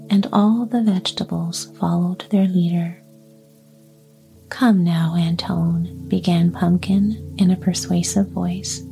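Slow whispering woman storyteller, whispered role-play. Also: mid-range voice. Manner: soft, unhurried whisper.

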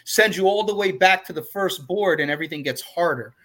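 A man's voice: sits high, brisk, a bit bright. A man in his forties, a podcast co-host, talking candidly in casual chat and often restarting his sentences. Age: 40s.

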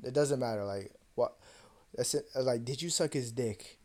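A young man co-hosting a podcast, telling a personal story in a casual, profane and animated way and acting out the other voices. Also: medium pitch, moderate pace. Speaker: podcast co-host.

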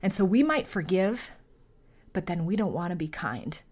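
A woman's voice: lowish voice, very animated, moderate pace, a little mellow. Earnest woman hosting a faith podcast. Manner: earnest, heartfelt, conversational; reads scripture, then prays aloud. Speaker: podcast host.

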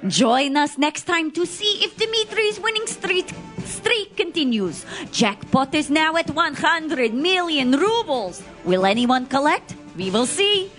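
A brassy Russian game-show hostess. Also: female voice, sits high, big pitch swings, a bit bright, soft background music, full character voice. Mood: grandiose. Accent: put-on Russian. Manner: broken English, theatrical, drawn-out. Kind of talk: comedy sketch.

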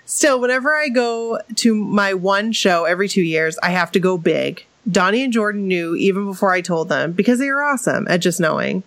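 A woman from New England co-hosting a podcast, reading listener stories aloud and chatting casually, enthusiastic and quick to laugh. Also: mid-range voice, animated, fairly bright tone, no room sound.

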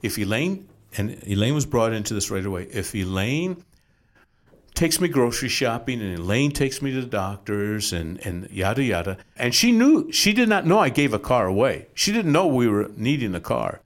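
Pastor man telling a lively story. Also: mid-range voice. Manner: animated storyteller, quick asides. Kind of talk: storytelling testimony.

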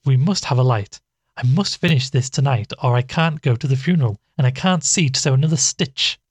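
A man reading a storybook voices an impatient, sharp-tongued woman who scolds her sisters peremptorily. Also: mid-range voice, a little fast, breathy edge, no room sound, studio quality, close to an everyday voice. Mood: peremptory.

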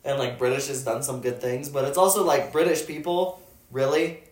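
A man from the United States co-hosts a casual podcast chat, telling stories in an animated way and slipping into the voices of the people he quotes. His pitch sits in the middle, and the echoey room rings around him. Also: normal speed. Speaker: podcast co-host.

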